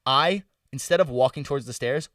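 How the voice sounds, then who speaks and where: A young man casually telling a story on a podcast, loose and animated, with lots of "like" and "bro". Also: mid-range voice, brisk, dry recording, far from the mic. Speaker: podcast co-host. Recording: dry sound, set back from the mic.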